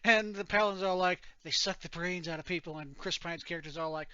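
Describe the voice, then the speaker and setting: A man's voice: high voice, quick pace, bright, forceful tone, clear, resonant tone, no echo, highs cut off. A man co-hosting a podcast in casual chat, rambling, with many restarts and frequent laughs. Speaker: podcast co-host.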